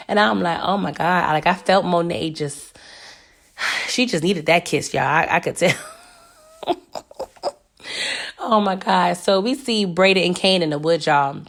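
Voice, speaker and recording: A woman with a strained, hoarse voice chatting casually through a TV episode recap, animated and laughing often. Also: on the low side. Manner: animated, laughing, talks to viewers as "y'all". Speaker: TV recap reviewer.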